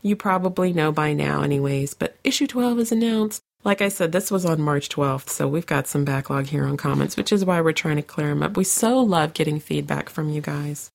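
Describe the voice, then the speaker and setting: A woman's voice: sits low, normal speed, gravelly, hardly any pauses. A woman co-hosting a podcast, reading out listener comments in a chatty way, laughing often, her throat sore from coughing. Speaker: podcast co-host. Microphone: home podcast microphone.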